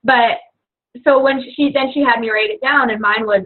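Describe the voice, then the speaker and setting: A woman's voice: fairly high pitch, fairly even intonation, normal speed. A young woman coach talking casually and earnestly to fellow coaches, rambling with lots of "you know" and "like". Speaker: fitness coach. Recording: tinny phone-like audio.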